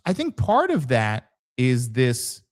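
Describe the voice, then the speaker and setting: A man's voice: mid-range voice, huge pitch swings, takes it slowly. A man hosting a podcast in casual conversation, telling stories with animation and acting out the voices of people he quotes. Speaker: podcast host, former police officer.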